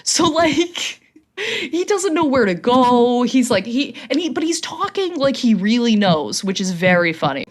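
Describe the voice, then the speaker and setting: Lively woman podcaster telling a story. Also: on the high side, a little slow. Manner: animated, repeats phrases for comic effect. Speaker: podcast co-host. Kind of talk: casual storytelling chat.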